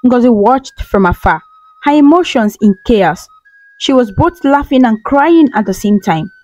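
A woman narrates a folktale in a scripted, dramatic storytelling voice, pitched fairly high. Her tone swings widely, and soft music plays underneath. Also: expressive, measured pace, dry recording, dull audio.

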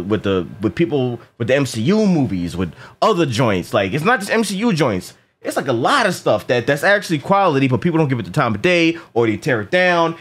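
Animated, husky-voiced man reviewing a movie. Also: mid-range voice. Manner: animated, profane, repeats words, acts out quotes. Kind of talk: casual movie review chat.

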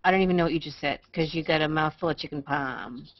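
A woman's voice: low-pitched, fast, no echo. A woman co-hosting a casual group video chat, playful and teasing, repeating her lines for laughs. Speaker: co-host. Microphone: video call. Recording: dull lo-fi web call audio.

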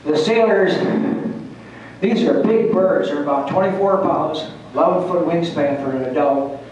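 A man's voice: fairly high pitch, moderate pace, darkish tone, highs cut off, slight background noise. An older man, a retired Air Force pilot, telling folksy, salty stories with restarts and chuckles to a meeting audience. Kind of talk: casual storytelling to an audience. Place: large hall at a historical society meeting. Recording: distant, very echoey hall recording.

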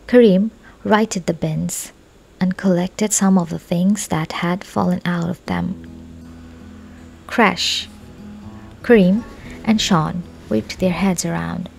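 A woman reads a storybook aloud at an unhurried, careful pace, her low voice heavy with gravelly fry. Some lines fall into a soft whisper, and faint music plays underneath. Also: steady tone. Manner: slow, deliberate reading with soft whispered stretches. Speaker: audiobook narrator. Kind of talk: storybook narration.

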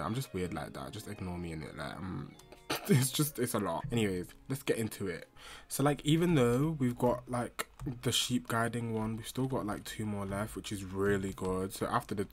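A young man hosting his gaming channel, chatting casually through the game, flustered and making fun of himself. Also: on the low side. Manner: chatty, flustered and self-mocking.

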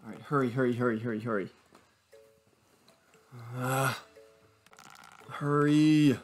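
A man's voice: medium pitch, takes it slowly, soft background music. A young man commentating his own gameplay, exasperated, swearing and groaning at his bad luck. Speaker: gaming YouTuber.

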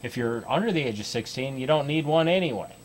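Folksy, chatty American TV host. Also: male voice, mid-range voice, expressive, quick pace, slight background noise. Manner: chatty and folksy, with many "uh"s and restarts. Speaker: host of a kids' fly fishing show. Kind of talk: casual talk to camera. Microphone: TV studio microphone.

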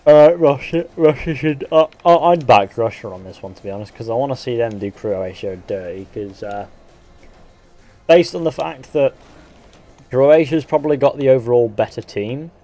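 English male game streamer, mixed Northern and West Country accent with a Midlands sound, mid-pitched, blunt and sweary, faint music behind. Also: normal speed, mellow. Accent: English, Northern and West Country mix with a Midlands sound. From England. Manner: blunt, sweary banter, reading viewer comments aloud. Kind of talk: casual live-stream chat while gaming.

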